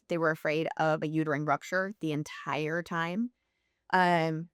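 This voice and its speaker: A woman in her thirties telling her faith story on a podcast, candid and quick to laugh. Her voice sits a little low, and the sound is dry and close. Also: smooth, no echo. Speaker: podcast guest. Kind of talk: personal faith testimony.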